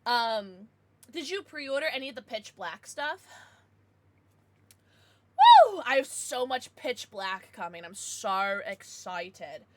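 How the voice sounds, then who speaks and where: A woman's voice: mid-range voice, slow, a little hiss or hum. Young woman streaming, chatty and bouncy, voice jumps all over the place. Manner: chatty, answers viewers, bursts of excited squeals. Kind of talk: casual live-stream chat.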